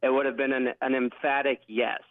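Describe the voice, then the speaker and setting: A man's voice: mid-range voice, flat delivery, a little fast, no room sound. A man calling in to a radio show, rambling and apologetic about complaining. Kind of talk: phone-in call. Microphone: telephone. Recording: tinny dry phone line.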